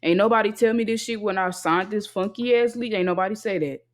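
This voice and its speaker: A young adult talking alone into a single mic, venting in a blunt, heavily profane rant. The delivery keeps circling back to emphatic, repeated refusals. Voice sits at a middling pitch. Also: fairly quick. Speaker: podcast host venting. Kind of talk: casual solo venting monologue.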